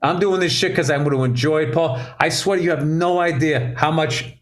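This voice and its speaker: A man co-hosting a casual comedy podcast, profane and rambling, with sudden excited bursts. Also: a little high, moderate pace. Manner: profane, ranting, rambling asides; loose and jokey, with bursts of excited speech. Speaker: comedian co-host.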